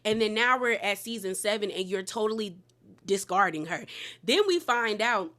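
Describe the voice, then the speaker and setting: A woman's voice: mid-range voice, normal speed, fairly bright tone. A woman hosting a casual reality TV recap, talking straight to viewers in a sassy, candid manner.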